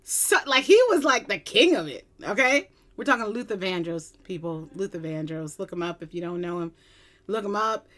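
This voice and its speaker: Giddy woman from long island gushing at her computer, bright voice, squeals a lot. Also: medium pitch, expressive, normal speed. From Long Island, New York. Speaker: music reaction vlogger. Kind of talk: casual chat.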